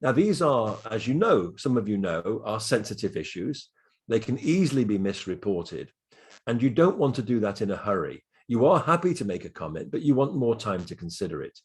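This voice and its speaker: A man with a low, slightly husky voice talks through practical advice as a media consultant. He speaks in a measured, explanatory way, often pausing on fillers and restarting his phrases. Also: sing-song. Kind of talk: advice in a recorded interview.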